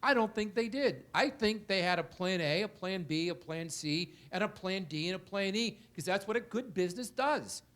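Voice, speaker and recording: A man's voice: high voice, lively intonation, normal speed, hardly any pauses, a bit bright. A man on a panel analyzing baseball, firing off rhetorical questions in an argumentative way. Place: hotel event room.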